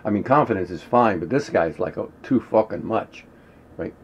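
A man talking casually and rambling as he teaches a spiritual technique, clearing his throat often and swearing now and then. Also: lowish voice, animated, normal speed. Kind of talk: casual instructional monologue. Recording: dull lo-fi recording with faint noise.

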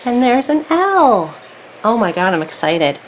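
A woman's voice: fairly high pitch, sing-song, unhurried, slight background noise, poor audio. Chatty woman talking through a craft. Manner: chatty, self-talking while working, thinks aloud. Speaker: craft video creator. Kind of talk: casual real-time craft tutorial.

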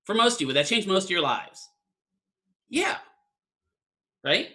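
Man, lecturer, bright forceful voice, slightly high, chatty, keeps asking right. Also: very animated, unhurried. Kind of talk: online class lecture.

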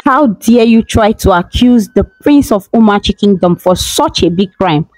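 A woman's voice: lively intonation, normal speed, a little mellow, dry recording, lightly acted, poor audio. A woman voicing an enraged queen mother who scolds and accuses in a storybook telling. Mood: outraged. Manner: shrill, scolding.

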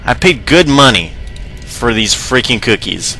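A man's voice: medium pitch, very animated, unhurried, bright, forceful tone, soft background music. A young man giving goofy, rambling gameplay commentary, swearing often. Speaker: gaming video host.

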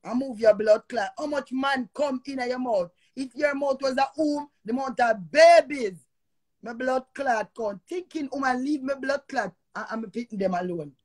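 A woman's voice: high-pitched, moderate pace, a little mellow. Older woman, Jamaican accent, heated live-stream rant, cursing, repetitive, confrontational. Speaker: social media personality.

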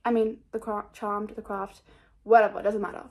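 A woman's voice: medium pitch, level tone, a little fast, darkish tone. A young woman chatting casually about her book picks in a rambling, scattered, self-mocking way, full of fillers. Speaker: book vlogger. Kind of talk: casual chat.

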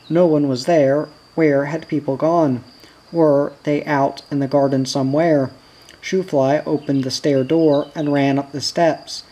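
Slow, mellow storybook reader. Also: mid-range voice, rough recording. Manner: calm, measured storytelling. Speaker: audiobook reader. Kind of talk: reading a children's novel aloud.

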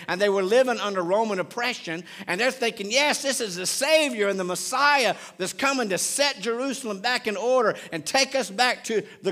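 Male pastor preaching a sermon, slightly higher voice, repeats lines, questions the crowd, goes from loud to hushed. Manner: swings between loud exclamations and hushed, low passages; repeats phrases for emphasis, asks the congregation questions.

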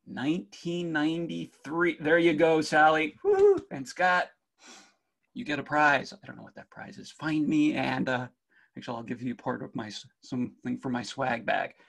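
A middle-aged man from New Jersey, his faint Jersey accent coming through a mid-range, creaky, slightly bright voice, gives a jokey conference talk on cybersecurity at a moderate pace, addressing the audience directly.

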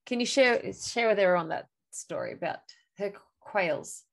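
A woman's voice: medium pitch, animated, normal speed, creaky. A woman hosting an online video call, speaking in a chatty way with many fillers as she talks to her guest and the viewers. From Australia.

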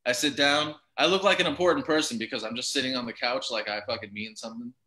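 Male stand-up, a little drunk, loose rambling delivery, bright, forward tone, video call. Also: medium pitch, quick pace, poor audio. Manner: laid-back, profane, self-mocking storytelling. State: a bit drunk.

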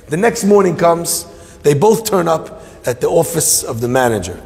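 A man, a rabbi, telling a long joke in a sermon, animated and laughing along with his own story. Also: medium pitch, brisk, vocal fry. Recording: long hall reverb.

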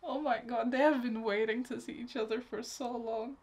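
A young woman talks straight to her viewers in a casual reaction vlog. She gushes openly, lets her excitement and tenderness run freely, and treats the audience like close friends. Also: on the high side, moderate pace. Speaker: YouTube reaction host.

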